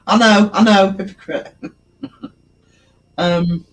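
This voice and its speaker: A man's voice: high-pitched, steady tone, slow, a bit bright, slight background noise, poor audio. A man hosting a livestream, chatting casually with viewers and laughing often. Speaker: livestream host. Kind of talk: casual livestream chat reading comments.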